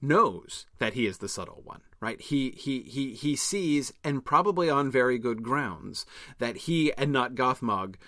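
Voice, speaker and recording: A man talks things through in a loose, rambling way, stacking ums and restarts as he works out his ideas. His voice is bright and forceful at a middle pitch. The sound is dry and close. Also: animated, a little slow, no room sound. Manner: rambling, thinking aloud with many fillers. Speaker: podcast co-host. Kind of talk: casual discussion.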